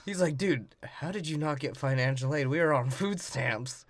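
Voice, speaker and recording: A man's voice: fairly high pitch, moderate pace, no echo, studio quality. A man co-hosting a comedy movie podcast, trading crude jokes and mock character quotes. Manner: laughs along, quotes characters in mock voices. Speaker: podcast co-host.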